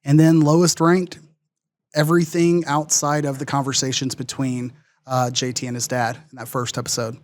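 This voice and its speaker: A man co-hosts a sports podcast, rambling through casual chat and filling his speech with "like" and "uh." His pitch is medium, his tone level and his speed normal, on a dry recording.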